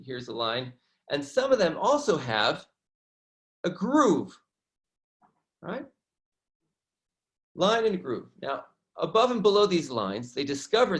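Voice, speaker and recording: A male educator walks viewers through slides in an online lesson. His voice sits a little high for a man, and his delivery is animated. He keeps checking in with his audience by asking "right?".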